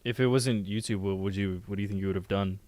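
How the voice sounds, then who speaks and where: A man's voice: on the low side, steady tone, quick pace, darkish tone, slight background noise. A young adult man telling stories in casual chat, joking and crude, loose and rambling. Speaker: video editor and co-host.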